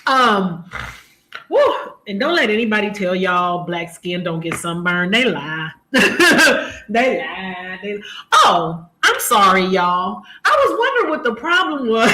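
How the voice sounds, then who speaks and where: A woman hosts a casual live stream from a home room with the lights turned down, chatting with viewers, laughing often and greeting them by name. Her mid-range voice is sing-song, pushed and bright at a measured pace. The camera mic picks up an echoey room.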